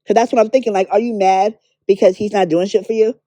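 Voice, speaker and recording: A woman's voice: medium pitch, steady tone, quick pace, warm tone, no echo. A woman giving her candid, blunt opinions in a casual commentary vlog, swearing freely. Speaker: beauty drama commentator.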